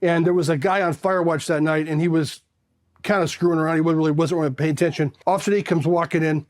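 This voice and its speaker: Animated man telling his own story. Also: fairly high pitch, quick pace. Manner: animated, acts out quoted voices. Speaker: interview guest. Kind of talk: casual storytelling.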